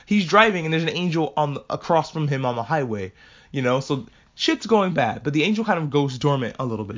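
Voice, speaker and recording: A man's voice: fairly high pitch, a bit bright. Rambling lo-fi podcast man. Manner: rambling, swearing, laughing asides. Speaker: podcast host reviewing anime. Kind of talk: casual solo podcast review. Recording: dull lo-fi audio.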